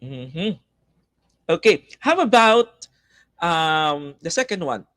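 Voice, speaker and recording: A young man with a Filipino accent teaches a live online class in a voice pitched a bit high for a man. He coaxes his students along with lively energy and reads their comments aloud. The sound is dry and close. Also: takes it slowly, dry recording. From Philippines. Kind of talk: live online class, mixing Tagalog and English.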